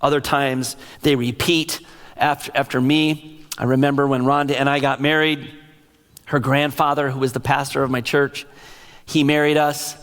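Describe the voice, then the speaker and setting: A middle-aged man preaching a sermon as a pastor, telling stories in an emotional, animated way. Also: mid-range voice, normal speed. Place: large church sanctuary. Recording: long reverb of a large hall.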